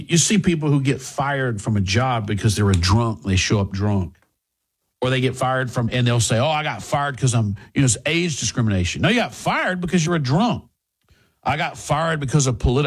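A man's voice: on the high side, breathy edge. A middle-aged man hosting talk radio, delivering a combative opinion monologue full of rhetorical questions.

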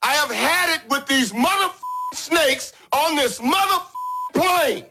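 Furious fed-up film hero, profane, high and animated, bright. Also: male voice, measured pace, a little hiss or hum, heavily acted. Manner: shouting, profane. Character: furious fed-up man on a plane.

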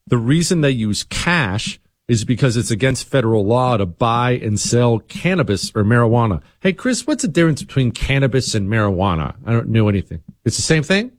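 A man's voice: mid-range voice, sing-song, a little fast, hardly any pauses, dry recording, clean studio sound. A middle-aged man hosting a talk radio show, sarcastic and teasing in his asides.

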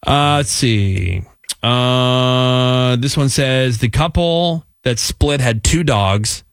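A man's voice: mid-range voice, drawn-out words, clean tone, no echo. A man hosting a radio talk show, reading listener stories and job lists aloud between jokes. His voice sits in an ordinary middle register and sounds close and dry in the studio. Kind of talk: casual radio banter.

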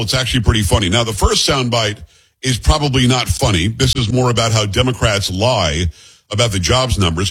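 A man's voice: mid-range voice, fairly bright tone, breathy edge. A man hosting a political commentary show, talking bluntly and with scorn in a conversational way. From New York area. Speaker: talk show host.

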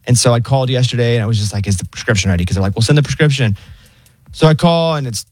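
A man in his thirties hosting a casual chat, telling animated stories and mimicking voices. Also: rapid-fire, no echo. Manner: animated storyteller, mimics voices in high pitch.

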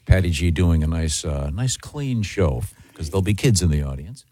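A man's voice: deep voice, lively intonation, moderate pace, warm tone. A man hosting a casual morning radio show, chatty, trips over his words and laughs easily.

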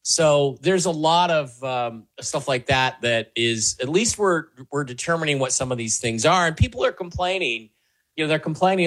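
Answering a host's questions, a man rambles earnestly, restarting often and leaning on fillers. His pitch runs on the high side, a bit bright, with lively intonation and a normal pace.

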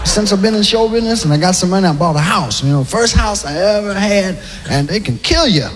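A male stand-up comedian with a high, lively voice, telling loose stories and dropping into character voices. The sound is an old noisy recording with a long echoing hall around him. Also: a little fast.

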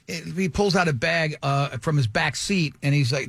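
A man hosting a radio show, telling a story in a casual, animated way and acting out the dialogue. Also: a little high, moderate pace, vocal fry, few pauses, breathy edge, dry recording. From Italian heritage.

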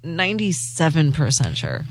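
A woman's voice: sits low, wildly swooping pitch, normal speed, no room sound. A young woman co-hosting a late-night radio chat, playful and self-mocking, laughing often. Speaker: radio show co-host.

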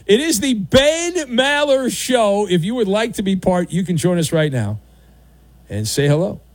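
A man's voice: high-pitched, no echo. A man hosting a sports radio show, delivering a sarcastic, opinionated monologue with mocking asides. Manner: sarcastic, animated, mocking voices.

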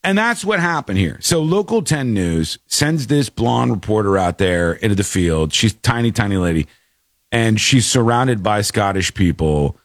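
A man's voice: lowish voice, animated, moderate pace, no echo, clean studio sound. A man co-hosting a casual talk show, animatedly commenting on a news clip and laughing as he acts out quotes. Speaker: co-host.

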